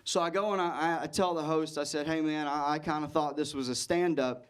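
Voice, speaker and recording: Male stand-up comic, relaxed storyteller, slightly high voice. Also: a little fast. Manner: laid-back storyteller, acts out others in quotes. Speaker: stand-up comedian. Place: comedy stage before a live audience.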